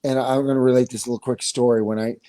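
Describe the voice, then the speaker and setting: A man's voice: mid-range voice, level tone, fast talker, dark tone. A man on a video call chatting casually, telling a long story in a rambling way with many restarts. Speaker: musician guest. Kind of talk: casual chat.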